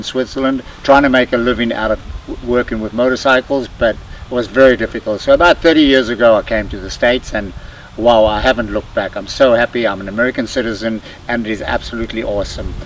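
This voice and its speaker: A man's voice: medium pitch, a little fast, far from the mic, a little hiss or hum, poor audio. A man in his seventies with a South African accent, a veteran motocross racer chatting cheerfully to the camera and laughing easily. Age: 70s. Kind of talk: casual talk to camera.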